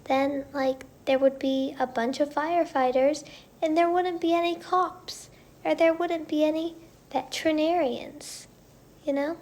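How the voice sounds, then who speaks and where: A woman hosting a casual livestream, chatting with viewers and often dropping into soft whispers. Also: high voice, fairly even intonation, measured pace. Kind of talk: casual livestream chat reading viewer comments.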